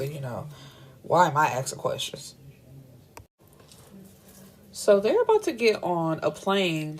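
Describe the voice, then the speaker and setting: A woman's voice: on the low side, a little mellow. A young adult woman casually recapping a novel, retelling scenes through quoted dialogue with blunt asides of her own. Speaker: book reviewer.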